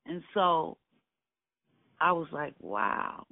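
Older man from Brooklyn, creaky and tinny. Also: sits high, unhurried, dry recording. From Brooklyn, New York. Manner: earnest, emphatic storyteller who repeats key phrases. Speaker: oral history interviewee. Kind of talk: personal recollection in an interview. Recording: dry, tinny phone-like line.

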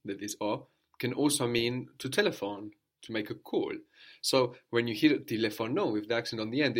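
A man with a fairly low voice gives a patient language lesson. He explains step by step and keeps checking in with a questioning "no?" as he goes. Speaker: language teacher.

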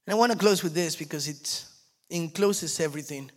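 A man's voice: a little high, a little fast. A male pastor preaching a sermon, telling stories animatedly and repeating key phrases. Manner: animated storytelling, acts out quotes, repeats phrases.

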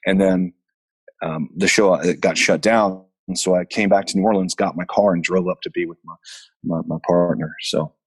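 A man's voice: low-pitched, steady tone, moderate pace, slightly rough. A middle-aged man from Memphis, telling stories as a guest in a loose, rambling way with lots of fillers. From Memphis, Tennessee. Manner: rambling, laid-back, many fillers and restarts. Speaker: actor guest. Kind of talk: casual storytelling interview. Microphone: remote call from a basement.

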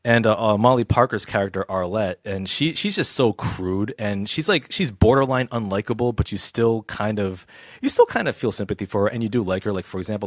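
A man reviewing a film in casual chat, halting and repeating words, with frequent laughs. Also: fairly low pitch, no echo, clean studio sound.

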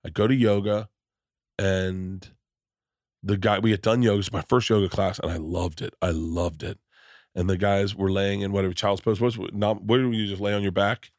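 A man's voice: on the low side, steady tone, normal speed, a little mellow, no room sound, studio quality. A man hosting a podcast, telling a story in a casual, rambling way, swearing often and acting out the people in it. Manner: rambling, restarts sentences, swears freely; acts out quoted people in his stories. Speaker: podcast host and stand-up comedian.

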